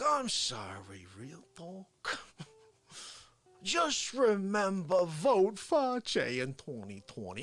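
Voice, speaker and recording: A man doing a comic impression of an indignant older male politician, whiny and rambling, breaking into shouts. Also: very high-pitched, no room sound, voice pushed up, full character voice. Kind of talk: comic celebrity impression on a livestream.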